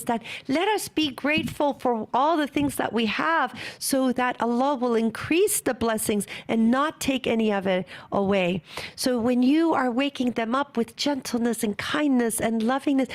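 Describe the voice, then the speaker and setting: A middle-aged woman giving an earnest, animated conference talk on parenting, acting out parents and children as she goes. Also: sits high. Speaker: parenting speaker.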